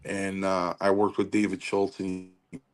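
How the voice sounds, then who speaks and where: A man's voice: low-pitched, normal speed. A man telling stories in casual chat as a guest, acting out quotes with animation. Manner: animated storyteller, acts out quotes. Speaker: wrestling podcast guest.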